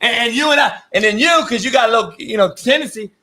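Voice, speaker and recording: A man hosting a sports talk show, ranting loudly and profanely, often breaking into shouts. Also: very high-pitched, quick pace. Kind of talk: heated sports talk banter.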